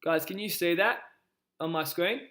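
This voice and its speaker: A man coaching a group on a live call, energetic and repetitive, often calling his listeners guys. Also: sits high, moderate pace, roomy sound, rough recording. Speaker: business coach.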